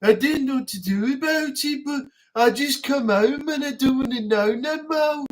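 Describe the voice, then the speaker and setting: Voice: high-pitched, normal speed, lightly acted. A streamer mimicking a bored Birmingham local. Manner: droning, uninterested delivery.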